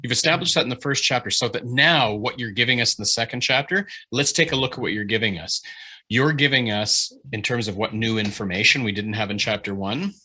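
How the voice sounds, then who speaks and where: Bright-voiced man critiquing a manuscript. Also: fairly low pitch, fairly quick. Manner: animated, swears freely, restarts sentences often. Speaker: writing workshop instructor.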